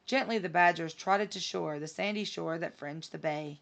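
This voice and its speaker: A woman reading rhymed poems aloud in a steady, rhythmic recital. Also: lowish voice, moderate pace, gravelly. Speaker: reader.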